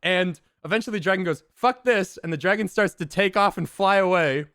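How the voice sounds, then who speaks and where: A man streamer excitedly telling a tabletop game story to his chat, swearing and laughing often. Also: high voice, quick pace, clean tone, dry recording, studio quality.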